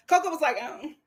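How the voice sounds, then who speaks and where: A woman's voice: sits high, a bit bright. A woman recapping a reality dating show, laughing often and repeating lines for emphasis.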